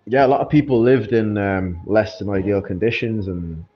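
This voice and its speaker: A man's voice: on the low side, moderate pace. A fighter chatting as a podcast guest, laid-back and laughing easily, often repeating words as he restarts his sentences. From Ireland. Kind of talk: casual podcast chat. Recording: dull lo-fi sound with faint noise.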